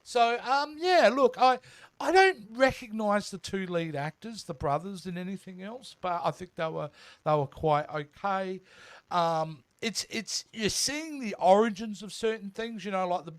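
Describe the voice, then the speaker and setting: A man's voice: high-pitched, expressive, unhurried, no echo. A man co-hosting a TV review podcast, chatting casually and with enthusiasm, often restarting his sentences. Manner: enthusiastic, frequent restarts and fillers. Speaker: podcast co-host.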